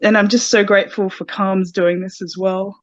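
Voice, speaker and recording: Woman participant, tearful and halting, grateful, dull muffled call audio. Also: medium pitch, little pitch movement, no room sound. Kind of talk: casual chat.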